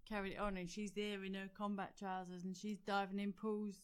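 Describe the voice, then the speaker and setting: A woman's voice: mid-range voice, little pitch movement, fairly quick, smooth. A woman co-hosting a podcast, chatting in a blunt, outspoken way. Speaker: podcast co-host. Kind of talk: casual podcast chat.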